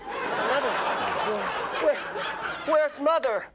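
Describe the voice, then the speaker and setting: A man playing a nervous high-voiced young man. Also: drawn-out words, very noisy, full character voice. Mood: anxious. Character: anxious, jittery young man fixated on his mother.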